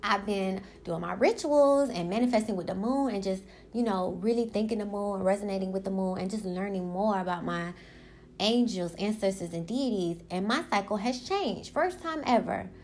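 A young woman hosting her own podcast, rambling in a casual, animated way, swearing and acting out quotes as she tells stories. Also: medium pitch, moderate pace, slight background noise. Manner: animated storytelling, swears, laughs, acts out quotes. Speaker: podcast host.

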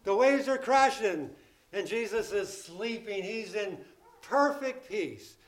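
A man delivers a sermon in a fairly high voice at a slow, deliberate pace. He hammers home key phrases by repeating them. He also puts questions to his listeners and acts out the scenes he describes. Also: lively intonation. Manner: acts out the disciples' panicked pleas in a raised voice. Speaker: preacher.

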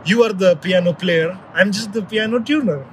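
A man's voice: sits high, moderate pace, slight background noise, lightly acted. Man putting on a grumpy Russian piano tuner. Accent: Russian, attempted. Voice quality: mock Russian accent.

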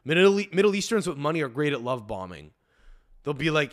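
A male podcast host rants in a loose, rambling comedic monologue. He swears freely, circles back on himself with fillers and restarts, and speaks in a voice a bit higher than most men's. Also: sing-song, fairly quick.

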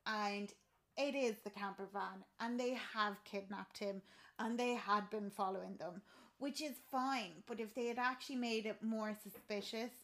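A woman's voice: medium pitch, moderate pace, fairly bright tone. A sounding woman chatting casually, animatedly retelling a film's story and acting out the characters' lines. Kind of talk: casual chat retelling a film plot.

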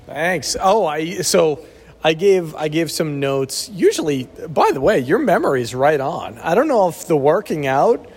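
A man's voice: a little high, very animated, a little slow, breathy edge. A man co-hosting a casual podcast, speaking candidly and reflectively, sometimes searching for words. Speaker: podcast co-host. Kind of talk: casual recovery podcast chat.

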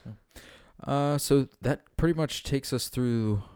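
A man's voice: mid-range voice, slow, darkish tone, smooth, no echo, studio quality. A male podcast co-host in casual chat, giving brief, plain remarks with small hesitations.

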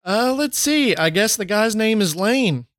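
A man's voice: sits high, lively intonation, measured pace, fairly bright tone, no room sound, studio quality. A man co-hosting a horror podcast in casual chat, laid-back and jokey with lots of fillers. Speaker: podcast co-host.

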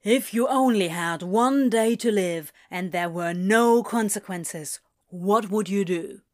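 A woman's voice: mid-range voice, takes it slowly, lightly acted. Woman voicing a blunt, weary male demon. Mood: exasperated. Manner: louder, clipped and theatrical.

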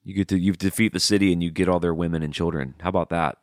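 A man's voice: low voice, rapid-fire, no room sound, studio quality. A middle-aged man from the American South with a Southern accent, telling stories in a casual, profane, rambling monologue as a podcast host. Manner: rambling, profane, animated storytelling.

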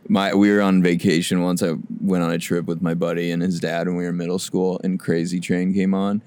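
A man's voice: low voice, level tone, fairly quick, a little mellow. A man in a casual chat, dropping dry quips and telling stories.

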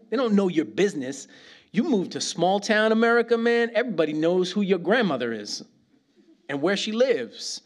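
Animated preacher man, laughing often. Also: sits high. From New York City. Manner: animated, laughs often, asks "right?" constantly. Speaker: pastor. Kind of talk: sermon with humorous storytelling.

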